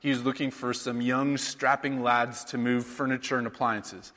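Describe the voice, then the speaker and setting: A man's voice: mid-range voice, flat delivery, moderate pace, fairly bright tone, big-room sound. A man in his thirties from rural Iowa, preaching a sermon in a conversational way, with lots of rhetorical questions. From rural Iowa, USA. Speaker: pastor.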